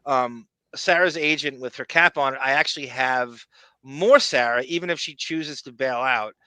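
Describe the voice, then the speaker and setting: A man's voice: mid-range voice, moderate pace, bright, forceful tone, smooth, dry recording. A man co-hosting a podcast, talking in a blunt, rambling, profane casual way. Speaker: podcast co-host.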